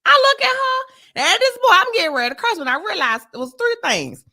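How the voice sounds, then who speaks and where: A woman, co-hosting a casual chat show and telling a blunt, animated story with frequent laughter. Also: very high voice, fairly quick. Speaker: podcast co-host.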